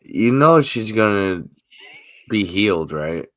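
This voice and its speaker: A man with a very low voice trading dry, teasing banter on a podcast. He sounds close to the mic, with a dry sound and no echo. His delivery stays flat and matter-of-fact. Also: slow. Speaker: podcast co-host. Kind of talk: casual chat.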